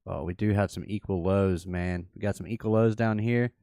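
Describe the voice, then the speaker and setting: A man's voice: low voice, fairly even intonation, warm tone, no echo, clean studio sound. A man hosting a trading workshop, walking through a livestreamed chart while thinking aloud and correcting himself as he goes. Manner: unhurried, thinks aloud, restarts and self-corrects.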